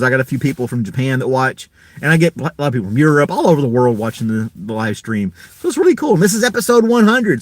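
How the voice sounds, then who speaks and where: A man's voice: a little high, no room sound. A man hosting a casual live stream, rambling in an easygoing way and chuckling often.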